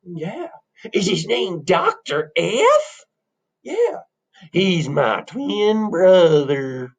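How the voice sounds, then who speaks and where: A man's voice: high voice, big pitch swings, extremely slow, slightly rough, voice pushed up, exaggerated voice. A man doing a blunt, drawling fellow. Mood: suspicious. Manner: drawling, ungrammatical country talk. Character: folksy country farm-raised man, blunt. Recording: dull lo-fi recording.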